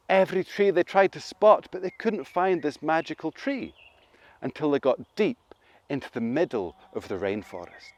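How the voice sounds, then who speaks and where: A man's voice: on the high side, normal speed. Playful male children's storyteller. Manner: animated, playful, addresses listeners.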